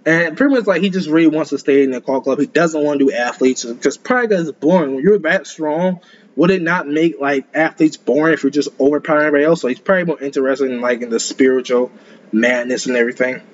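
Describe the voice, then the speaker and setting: A man's voice: a little high, fast talker, lo-fi sound, slight background noise. A man giving casual reaction commentary in a rambling, stumbling way, repeating words and chuckling often.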